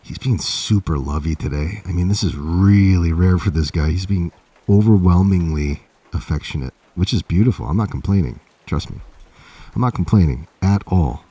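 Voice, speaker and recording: A man's voice: low-pitched, normal speed, breathy edge. A man chatting casually on a livestream while he writes, rambling and laid-back, heard from a distance off the mic. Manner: rambling, laid-back, talks softly to his cat. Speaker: writer livestreaming his writing.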